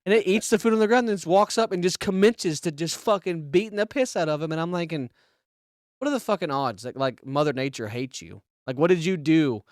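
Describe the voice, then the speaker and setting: A man's voice: a little high, brisk, no room sound, studio quality. Foul-mouthed storytelling man. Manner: swears a lot, tells animated stories with acted-out quotes. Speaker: podcast co-host. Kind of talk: crude casual chat.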